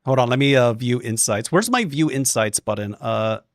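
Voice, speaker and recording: A young man streaming, chatting casually and telling a story, animated and swearing, acting out quotes in different voices. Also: mid-range voice, normal speed, no room sound, clean studio sound.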